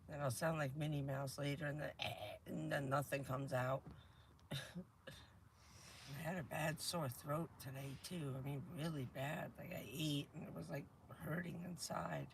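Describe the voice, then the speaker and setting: A woman with a hoarse, stuffy voice from a cold, chatting casually on a vanlife livestream from her van, laughing often and answering her viewers. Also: sits low, steady tone, measured pace, pauses often, slight background noise. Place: inside a camper van.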